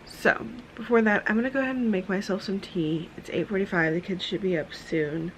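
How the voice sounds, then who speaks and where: A woman, casually vlogging at home early in the morning, chatty and rambling, with a tired, husky morning voice. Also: medium pitch, steady tone, a little fast, slight background noise, poor audio. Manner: chatty, rambling, with many fillers. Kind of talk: casual vlog chat. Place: dim home room at a desk, early morning.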